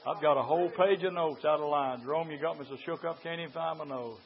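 An older man preaching a sermon in a church. He is impassioned and swings from hushed talk to loud shouting. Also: fairly high pitch, fast talker. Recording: lo-fi recording.

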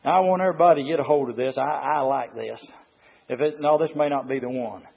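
A man preaching a fiery sermon, swinging from low murmurs to shouted climaxes and reading passages aloud to comment on them. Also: quick pace, vocal fry, slightly rough. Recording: reverberant hall, muffled lo-fi sound.

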